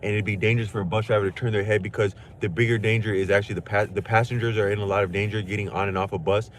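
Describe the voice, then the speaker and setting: This low-voiced man talks very fast to his livestream chat, though his tone stays steady. He rambles in loose slang, circling around and restarting ideas, over a faint hiss of background noise.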